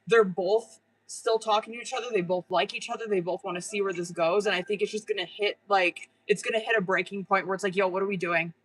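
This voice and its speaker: A young woman does a live-stream tarot reading, chatty, casual and profane, laughing often, cursing now and then, and full of "like" and "um." Her medium-pitched voice is husky and animated, a little fast with hardly any pauses, on a rough recording.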